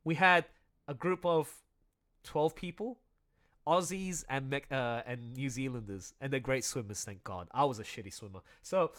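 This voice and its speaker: A man directing an audio drama, chatting excitedly on a livestream about his show and acting out lines in playful voices. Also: medium pitch, normal speed. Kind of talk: casual livestream commentary.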